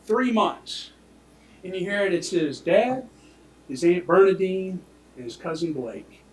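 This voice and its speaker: A man delivers a prosecutor's closing argument, speaking emphatically and swinging between loud declarations and hushed near-whispers. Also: sits high, animated, measured pace. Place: courtroom. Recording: echoey courtroom audio from far off.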